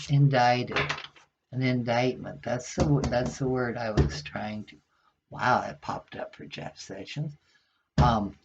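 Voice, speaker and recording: A man's voice: on the low side, gravelly, heavy background noise. A man rambling and musing aloud as he reads tarot cards at home, talking to spirit between draws. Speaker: tarot card reader. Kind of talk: casual rambling card reading.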